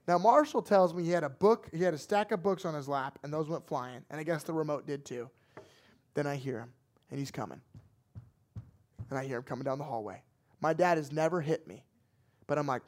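A young man, a pastor, telling a personal story in a lively, dramatic sermon. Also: fairly high pitch, moderate pace, long pauses.

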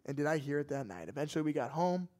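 A young man, a pastor, telling a personal story in a lively, dramatic sermon. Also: a little high, rapid-fire.

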